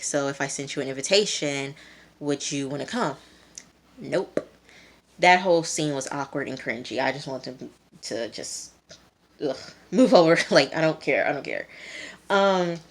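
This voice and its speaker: A young woman giving a chatty, rambling recap of a TV episode, full of fillers and quoted lines. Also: low-pitched. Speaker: TV reviewer.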